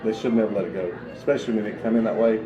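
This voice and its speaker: A man's voice: fairly low pitch, fairly even intonation, rapid-fire, muffled recording, over music. A man working as a mechanic, rambling loosely as he explains repairs to a customer. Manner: rambling, loose shop talk. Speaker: auto mechanic.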